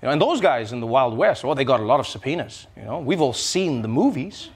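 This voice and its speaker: A man's voice: mid-range voice, big pitch swings, quick pace. A male host delivering a sarcastic, mocking comedy monologue with big swings in his voice. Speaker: late-night comedy host. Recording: noisy recording.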